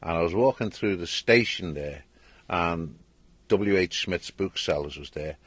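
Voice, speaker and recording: Older Liverpool man, Scouse accent, husky, animated storyteller, dry close sound. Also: deep voice, unhurried, dry recording. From England. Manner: lively storyteller, acts out voices and laughs often. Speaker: interviewed author. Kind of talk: casual interview chat.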